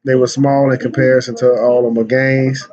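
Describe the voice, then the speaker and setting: Heard on a dull lo-fi vlog clip, the host chats about his day trades at normal speed in a level, mid-range voice that's slightly mellow. He leans on slang, repeats and restarts words, and says he's losing his voice.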